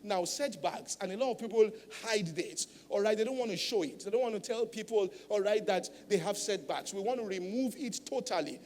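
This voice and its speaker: Male pastor with a high voice, preaching with emphasis and frequent tag questions, in a reverberant hall. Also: fairly quick, few pauses, darkish tone, a little hiss or hum. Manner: emphatic teaching, tag questions like "all right?". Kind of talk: sermon.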